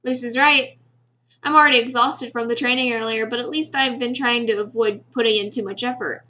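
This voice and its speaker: A woman reading a visual novel aloud in first-person narration, steady with small stumbles. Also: fairly high pitch, brisk. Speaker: game reader. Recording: slightly muffled with faint music.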